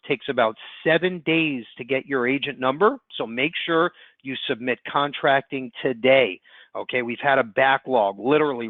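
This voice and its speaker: A man giving an upbeat, fast sales pitch as presenter on a webinar call. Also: no room sound. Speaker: insurance platform presenter. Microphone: conference call line. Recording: tinny phone-line audio.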